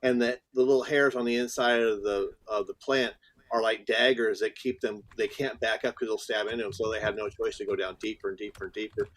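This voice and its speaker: A man's voice: lowish voice, steady tone, fairly quick, fairly bright tone, no echo. A man on an online panel who talks in a rambling way, restarting often and reaching for analogies. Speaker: panel guest. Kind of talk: casual panel chat.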